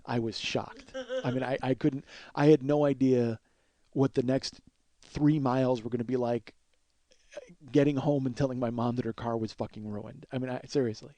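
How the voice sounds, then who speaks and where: A man's voice: medium pitch, fairly even intonation, normal speed, warm tone, no echo. A man in his forties hosting a comedy podcast, telling a rambling, profane, self-deprecating story. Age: 40s. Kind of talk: storytelling monologue.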